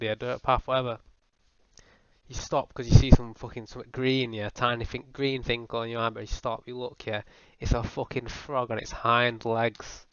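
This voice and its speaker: A man's voice: mid-range voice, steady tone, normal speed, smooth, no echo. A young man doing a profane, rambling, mock-serious comedic rant as a voice-over. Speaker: comedy video host. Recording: dull lo-fi voice-over with faint music.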